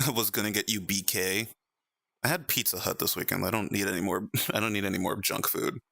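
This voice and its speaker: A young man streaming in VR, chatting casually with viewers, animated and laughing often. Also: fairly low pitch, brisk, vocal fry, no room sound. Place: VR chat stream at home.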